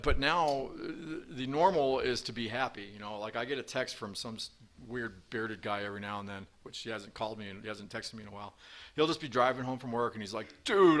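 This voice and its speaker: A man's voice: medium pitch, fairly bright tone. Rambling man sharing his recovery story. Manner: rambling, many fillers and restarts. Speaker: recovery meeting speaker. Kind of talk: personal recovery talk. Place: meeting room with audience.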